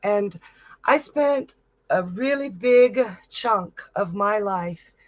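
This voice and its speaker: A woman's voice: mid-range voice, expressive, slow, no echo, highs cut off. A middle-aged woman hosting a live-stream psychic reading, talking in a heartfelt, chatty way with frequent laughs. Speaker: psychic medium host.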